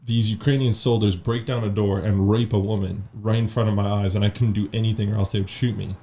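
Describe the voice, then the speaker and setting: A man's voice: on the low side, fairly even intonation, quick pace, dark tone, slight background noise. A man guesting on a podcast, telling a rambling story in casual chat and swearing freely.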